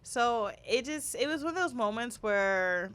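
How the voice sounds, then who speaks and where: A woman in her thirties, co-hosting a podcast in casual chat, telling family stories in a lively way with animated voices for the people she quotes. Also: a little high, measured pace, clean tone. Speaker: podcast co-host.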